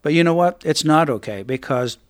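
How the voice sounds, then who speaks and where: A man's voice: on the high side, animated, fairly quick, clear, resonant tone. A man hosting a radio talk show, speaking in an emphatic, indignant conversational way.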